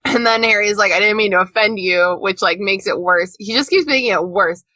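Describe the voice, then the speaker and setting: Bright, animated woman podcaster. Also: medium pitch, a little fast, dry recording. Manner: animated, laughs often, swears. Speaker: podcast co-host. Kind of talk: casual chat.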